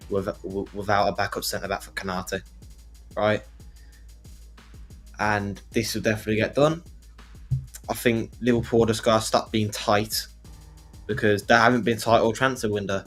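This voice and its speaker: A man's voice: on the low side, fairly bright tone. A man co-hosting a casual football podcast, talking emphatically and repeating himself. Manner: repetitive, emphatic, restarts often. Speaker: podcast co-host.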